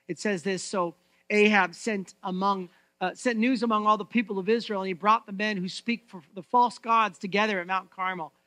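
A man preaching a church sermon, swinging between loud proclaiming and hushed, intense reading of scripture. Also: sits high, steady tone, moderate pace, dry recording. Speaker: pastor.

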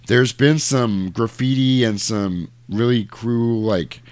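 A man's voice: medium pitch, takes it slowly, darkish tone, clean tone, dry recording. A man on a podcast casually recapping a movie, acting out the characters' lines as he goes. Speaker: podcast co-host recapping a film. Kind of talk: casual chat.

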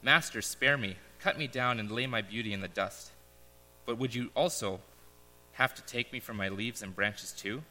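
A man voicing a proud male bamboo plant in a read-aloud parable, pleading in a low, trembling voice. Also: moderate pace, pushed and bright. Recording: echoey large hall.

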